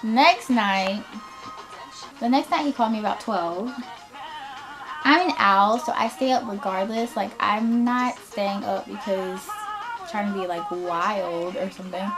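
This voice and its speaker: Slow-talking sassy young woman vlogger. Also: medium pitch, music in the background. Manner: animated storytelling, sassy, laughs often. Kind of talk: storytime vlog. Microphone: laptop webcam.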